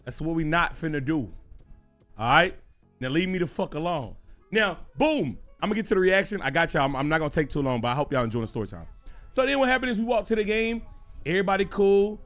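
A young man streaming, telling a story in an animated, profane, excitable way. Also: on the high side, quick pace, faint music behind. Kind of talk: casual livestream story time.

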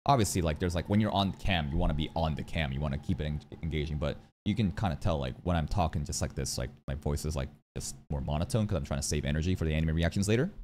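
A man giving casual reaction commentary into a studio dynamic mic, animated and profane, often jumping into high mocking voices. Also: fast, hardly any pauses, slight background noise. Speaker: reaction streamer.

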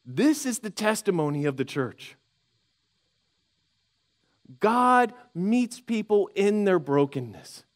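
A man preaching a sermon as pastor, conversational and animated, acting out inner voices with frequent restarts. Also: high-pitched, slow pace, pauses often. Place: church sanctuary.

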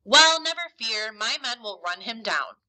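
A woman's voice: on the high side, animated, measured pace, bright, forceful tone, exaggerated voice, low-quality recording. A woman reading Long John Silver, sly and hearty. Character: tall one-legged male pirate innkeeper, jovial and sly. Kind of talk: storybook read-aloud.

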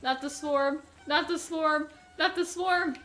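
Young woman gaming commentary, high bright voice, panics and shrieks a lot, rambly and laughs at herself. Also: steady tone, slow pace. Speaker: gameplay commentator. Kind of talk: let's play commentary.

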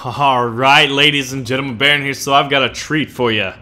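A man's voice: mid-range voice, fairly even intonation, a little fast, hardly any pauses, sharp tone. Upbeat man on a gaming channel. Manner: upbeat and joking. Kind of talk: flight game commentary.

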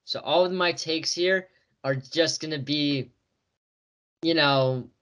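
A man's voice: on the high side, slow, a bit bright. Joking man stammering on a podcast. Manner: joking and self-deprecating, with stammering starts. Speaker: podcast co-host. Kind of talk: casual sports podcast chat. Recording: dull lo-fi audio.

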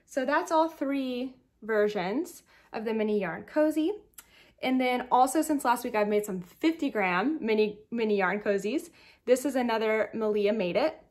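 A woman's voice: a little high, normal speed. A woman hosting a knitting podcast, chatting casually and rambling with giggly asides while showing her projects, in a groggy morning voice.

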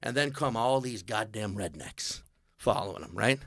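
Animated storytelling man, dry mic. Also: on the low side, moderate pace, no echo. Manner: animated, acts out voices of people in the story. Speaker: comedian telling a story. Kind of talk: casual storytelling on a comedy podcast.

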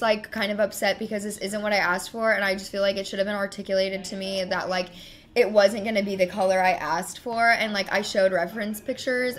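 A woman's voice: mid-range voice, fairly bright tone. A young woman streamer in casual chat, telling a story in a rambling way. She sounds hurt and frustrated, fills her talk with fillers and swears as she vents.

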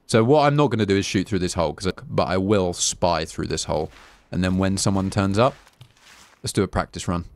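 A young man from England streams a survival game, giving casual live commentary, swearing freely and thanking donors by name. His voice is low and he speaks a little fast.

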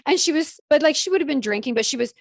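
A woman in her thirties talks frankly and with lots of animation in a casual podcast chat, slipping into acted-out quotes with gasps. Her voice sits fairly high, and the sound is close and dry. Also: expressive, fast, gravelly, no echo. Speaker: podcast guest.

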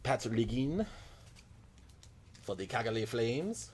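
A man's voice: medium pitch, big pitch swings, takes it slowly, darkish tone, a little hiss or hum. A man putting on a comic accent as a jolly hockey-player persona, chuckling "ho, ho" as he speaks as the players. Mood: jokey. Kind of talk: mock-accent card commentary.

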